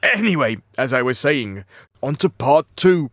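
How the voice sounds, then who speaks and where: Playful guy narrating a silly story, lively, slightly high voice. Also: unhurried, dry recording, clean studio sound. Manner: playful, chatty asides to listeners.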